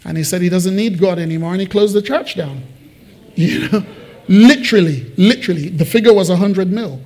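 A man preaching a sermon to his church, conversational and animated, with joking asides. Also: sits high, fairly quick. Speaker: pastor. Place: church building.

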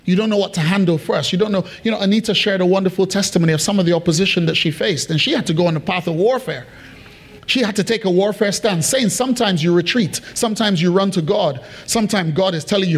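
A preacher delivers a sermon in a notably high voice for a man. He repeats phrases for emphasis and keeps checking in with the congregation, pressing each point home. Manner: emphatic and repetitive, asks the congregation questions. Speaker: pastor.

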